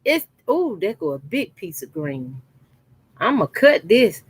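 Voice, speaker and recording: Slow-talking woman quilter. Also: fairly high pitch, sing-song, no room sound. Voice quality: colloquial, chatty, emphatic repetition. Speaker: sewing channel host. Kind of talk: casual chat while sewing. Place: her sewing corner at home.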